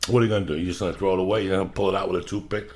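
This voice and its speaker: A man's voice: low-pitched, fairly even intonation, racing, a little mellow. A man hosting a podcast, talking in a boisterous, profane, teasing way during casual chat. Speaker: podcast host.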